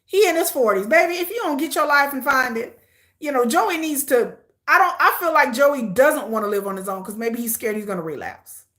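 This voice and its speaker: A woman's voice: sits high, expressive, brisk, bright, forceful tone. A woman hosting a casual live reaction, commenting sassily on a show and laughing as she talks back at the screen. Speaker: reaction host.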